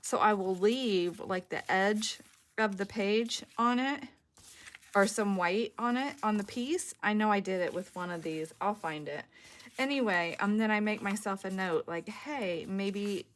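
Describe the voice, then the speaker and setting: A woman whose throat is sore and whose voice cracks now and then. She talks in a chatty, rambling way, thinking aloud as she works through a crafting tutorial. Her pitch sits in an ordinary middle range. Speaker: junk journal crafter on a design team.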